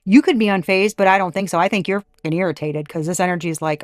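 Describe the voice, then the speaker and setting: A woman giving a casual tarot reading, blunt and animated, swearing freely. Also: lowish voice, quick pace, no echo, studio quality. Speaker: tarot reader.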